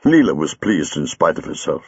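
A man reading a story aloud in a measured storytelling manner. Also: extremely low pitch, very animated, darkish tone, slightly rough, no room sound, lo-fi sound. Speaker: audiobook reader. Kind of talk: scripted narration.

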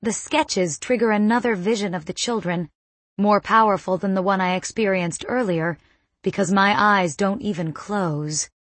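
A woman reading a first-person story aloud in a measured, vivid narration. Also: medium pitch, dry recording. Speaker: audiobook narrator.

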